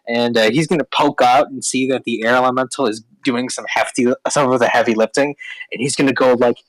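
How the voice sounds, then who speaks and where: A man running a tabletop game as dungeon master, talking haltingly with many ums and uhs. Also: medium pitch, steady tone, no echo, rough recording.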